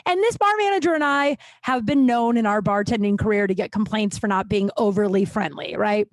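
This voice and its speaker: A woman's voice: medium pitch, brisk, dry recording. A woman in her thirties hosting a podcast, telling casual stories in a profane, ranting way and acting out the people she quotes. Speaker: podcast host. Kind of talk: casual storytelling monologue.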